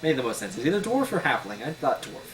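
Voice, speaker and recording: A man's voice: mid-range voice, big pitch swings, quick pace, rough recording. A man at a tabletop game, talking casually and at length about his character. His speech is loose and easygoing, like chat among friends at a table. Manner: chatty, explains his character choices. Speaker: player.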